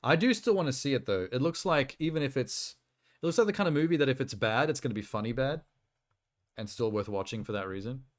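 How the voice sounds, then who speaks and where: A man's voice: medium pitch, lively intonation, quick pace. A man casually chatting on a live stream, reacting to trailers with fillers and laughs. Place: home streaming setup.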